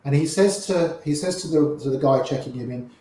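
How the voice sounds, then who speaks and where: An older man, a poker player, telling old stories in an animated way and quoting people in quick little voices. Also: a little high, slight background noise. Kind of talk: anecdotal storytelling. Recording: very echoey room.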